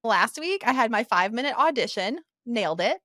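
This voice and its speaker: A woman's voice: a little high, very animated, a little fast, pushed and bright. A woman co-hosting a podcast, chatting casually in an upbeat, playful way and laughing easily. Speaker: podcast co-host. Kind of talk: casual chat.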